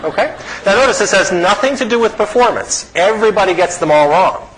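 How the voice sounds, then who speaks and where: A middle-aged psychology professor delivers an animated lecture, chuckling through asides and frequently checking in with "okay?". His voice is high-pitched and brisk, and the audio quality is poor.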